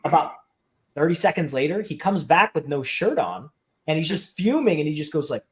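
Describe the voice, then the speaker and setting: Male podcast guest, slightly raised pitch, chatty storyteller who acts out the lines. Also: fairly quick. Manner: animated storyteller acting out quotes. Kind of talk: casual storytelling.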